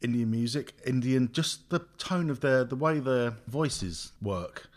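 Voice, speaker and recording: A man's voice: medium pitch, a little slow. A man co-hosting a casual podcast chat, easygoing and enthusiastic. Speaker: podcast co-host.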